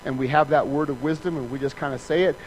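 A man's voice: medium pitch, fairly even intonation, quick pace, a little hiss or hum, rough recording. A man preaching a sermon in a conversational way, acting out little scenes with voices and sound effects and often asking "right?". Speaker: pastor.

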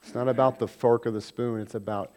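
The pastor talks through his sermon in a mid-range voice with fairly even intonation, sometimes raising it for emphasis and sometimes dropping to an aside. He quickly voices mock characters to act out everyday spats.

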